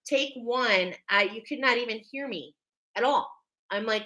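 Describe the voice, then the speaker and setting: Bright, emphatic woman reading oracle cards. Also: on the high side, unhurried, rough recording. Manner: emphatic, checks in with "okay?" constantly; emotional, spiritual, preacher-like. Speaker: spiritual card reader. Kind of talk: live oracle card reading.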